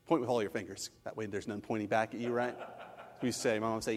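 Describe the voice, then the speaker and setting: A man's voice: on the low side, brisk, big-room sound. A man preaching a sermon as a pastor, telling stories with animation and acting out the quotes. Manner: animated storytelling, acts out quotes.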